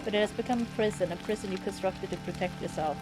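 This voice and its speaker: A woman reading the lines of a solemn old male mentor in a vision, measured and grave, over game music. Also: mid-range voice, natural voice.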